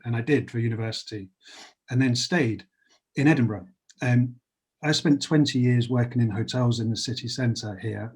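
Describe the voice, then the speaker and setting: A man raised in London, with the accent to match, talking on a video-call panel. His voice is a little husky, and he speaks in an upbeat, chatty way, stumbling over restarts and "um"s. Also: medium pitch, darkish tone. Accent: London English.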